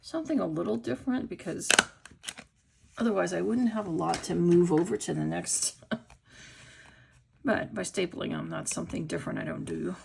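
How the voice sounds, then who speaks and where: A woman's voice: lowish voice, moderate pace, gravelly, long pauses, background noise. A middle-aged woman with the hiccups, casually narrating her papercraft work, thinking aloud and often dropping to a whisper. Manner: chatty, thinking aloud while working; drops to soft whispers as she works. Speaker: papercraft video maker.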